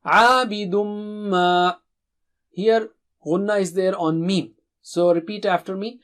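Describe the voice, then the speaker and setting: A man's voice: high voice, steady tone, fairly bright tone. Patient male tajweed teacher. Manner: patient, repeats words slowly for learners to echo; drawn-out chanted recitation of verses. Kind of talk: Quran recitation lesson.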